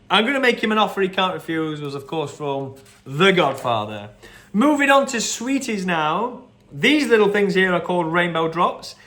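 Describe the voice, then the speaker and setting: Chatty quiz host. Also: male voice, medium pitch, a bit bright. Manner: chatty and rambling, with fillers and quick quote impressions. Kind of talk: casual quiz answer run-through.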